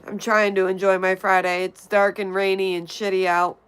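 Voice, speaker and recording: A woman on a livestream works through her chat, reading messages out and answering them in a blunt, offhand way. Her voice is smooth and clean, sitting in a middle register. She pauses now and then to vape between remarks. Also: medium pitch, level tone, a bit bright. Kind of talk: casual chat reading viewer comments.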